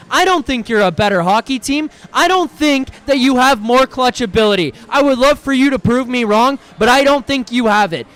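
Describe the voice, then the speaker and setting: A man with a strikingly high voice hosts a live post-game reaction stream. He rants hard and swears freely, sounding exasperated, and keeps stumbling into restarts as his frustration boils over. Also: fairly bright tone. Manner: heated, profane and exasperated, with repeated stammering restarts.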